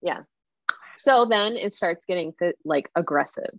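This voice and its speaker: Woman guest, casual storytelling, lower voice, muffled dry lo-fi recording. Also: unhurried, no room sound. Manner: animated retelling with many fillers. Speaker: interview guest.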